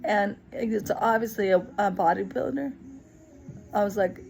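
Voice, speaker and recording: A woman telling a personal story in a lively, expressive way, acting out other people's lines as she goes. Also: medium pitch, a little slow, gravelly, slight background noise, rough recording. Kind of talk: personal story told to the camera.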